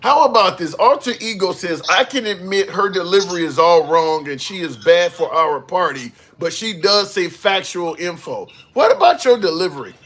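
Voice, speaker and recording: A man hosting a live stream, speaking haltingly and repeatedly trying to cut in during a debate. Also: sits high, lively intonation, fairly bright tone.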